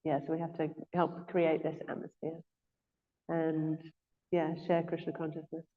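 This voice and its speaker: In a temple classroom, a woman guest speaker gives a relaxed, informal scripture class, hesitating often with soft "um" and "yeah" fillers as she collects her thoughts. Her pitch stays fairly flat and even, and the audio sounds thin and phone-like.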